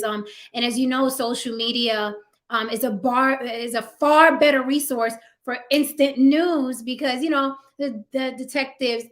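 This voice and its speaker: A woman's voice: a little high, fairly bright tone. Chatty woman hosting a live show. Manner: chatty, frequent ums and "right?" asides. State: slightly losing her voice. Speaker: host. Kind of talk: casual live-stream talk.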